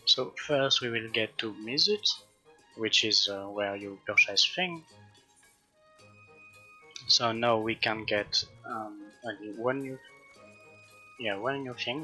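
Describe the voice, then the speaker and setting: A man hosting a gaming channel, commenting casually and a little haltingly over his gameplay. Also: on the low side, slightly rough, soft background music. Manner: relaxed, halting, with fillers.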